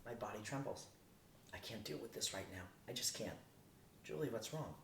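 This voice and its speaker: A man reading a novel aloud in a steady, plain way. He sits at some distance from the mic in a roomy space, with a faint rumble behind him. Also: a little fast. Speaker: audiobook reader.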